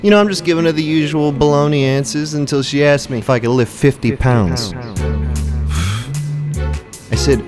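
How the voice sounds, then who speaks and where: A man's voice: a little high, moderate pace, pauses often, loud music behind the voice. A man telling a sleazy, boastful comic story in a monologue.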